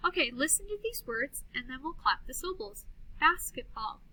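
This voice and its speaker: A woman teaching first graders a recorded phonics lesson from a classroom, sounding out words slowly, clearly and patiently. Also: sits high, lively intonation, background noise.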